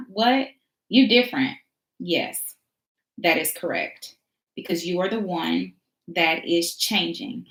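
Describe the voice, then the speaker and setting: A woman teacher hosting a motivational talk, speaking in an emphatic, preachy style with repeated phrases and casual slang. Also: fairly low pitch. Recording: roomy echo.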